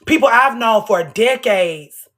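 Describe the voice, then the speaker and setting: A woman's voice: a little high, lively intonation, takes it slowly, fairly bright tone. A woman hosting a casual livestream from home, talking bluntly and with lots of profanity, hammering her points with repetition. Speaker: livestream host. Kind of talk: casual unscripted livestream monologue.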